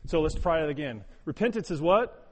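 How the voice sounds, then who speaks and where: A man with an unusually high voice preaches a sermon in a church hall, the sound trailing off in long reverb. Expressive and fairly quick, he drives his points home emphatically, doubling up words and alternating loud exhortation with quiet, prayerful passages.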